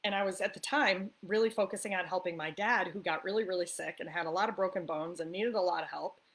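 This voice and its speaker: An upbeat woman talks straight to camera in a relaxed coffee-talk chat. She coaches listeners in a friendly, chatty way, often checks in with a quick "right?" and slips into easy laughter. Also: on the low side. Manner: laughs often while talking. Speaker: spiritual life coach. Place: the East Coast of the US.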